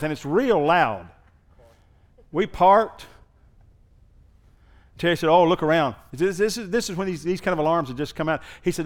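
Male pastor, fairly high voice, folksy storytelling sermon with shouted peaks. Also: lively intonation, moderate pace.

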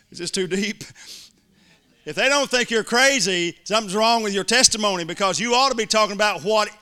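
Man, preacher, emphatic sermon, high clear ringing voice. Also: normal speed, long pauses, sharp tone. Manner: emphatic preaching, mimics complainers in little voices. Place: church before a congregation.

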